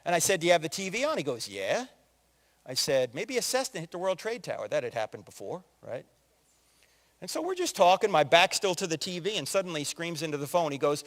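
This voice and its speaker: A man in his sixties from New Jersey giving an animated, joking story-driven talk as a conference speaker, acting out quotes in other voices. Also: sits high, fast. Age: 60s. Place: large hall with audience. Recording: long hall reverb.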